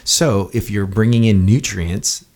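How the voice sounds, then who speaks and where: A man's voice: fairly low pitch, measured pace, a little mellow. A man hosting a podcast, talking earnestly and rambling, often repeating words as he goes. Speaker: podcast host. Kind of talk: casual conversation.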